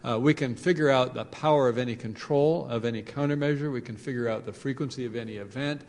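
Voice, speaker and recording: A man giving a conference presentation, animated, with joking asides and phrases repeated for emphasis. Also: mid-range voice, fast talker. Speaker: conference speaker. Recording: long reverb of a large hall.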